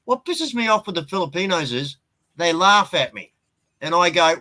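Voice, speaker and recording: A man's voice: high voice, animated, moderate pace, sharp tone, poor audio. An Australian man with an Australian accent, ranting bluntly and swearing freely in a casual live-stream chat.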